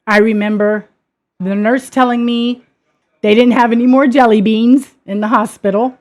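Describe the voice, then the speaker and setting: A woman hosting her own show, telling a personal story in an earnest way that turns emphatic and heated. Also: medium pitch. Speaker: podcast host. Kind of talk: personal testimony monologue.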